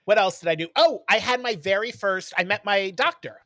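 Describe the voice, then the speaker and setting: A man co-hosting a podcast in casual chat, telling stories in an animated way and acting out what people said. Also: sits high, fairly quick, no room sound. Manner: animated storyteller who acts out quotes. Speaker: podcast co-host.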